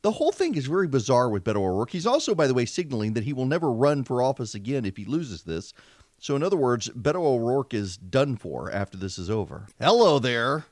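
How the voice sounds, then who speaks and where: A man's voice: mid-range voice, big pitch swings, a little fast, dry recording, clean studio sound. A man, hosting a casual, chatty political talk radio show with a self-deprecating manner. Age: 40s. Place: home studio, seated at a mic. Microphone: studio microphone.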